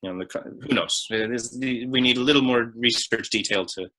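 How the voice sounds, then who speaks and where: A man's voice: mid-range voice, a little fast, sharp tone, low-quality recording. A man presenting a lecture on old hymn tunes, breaking into sung phrases and counting out beats between explanations.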